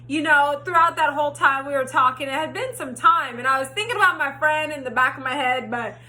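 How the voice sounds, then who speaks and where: Close to the mic, a young woman with a high, bright voice tells a story in a casual, animated storytime style at a fairly quick clip. This vlogger swears freely and acts out the lines she once said.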